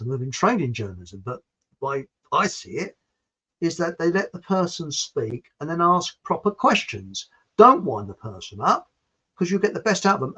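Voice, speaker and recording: A man's voice: on the high side, fairly bright tone, husky. A man hosting his own channel, giving a blunt, digressive opinion monologue with frequent restarts and some mild swearing. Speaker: channel host. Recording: dull lo-fi recording.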